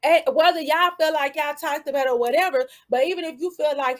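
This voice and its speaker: A woman's voice: high voice, fairly even intonation, quick pace. A woman hosting her own channel, giving casual commentary full of rhetorical questions and asides.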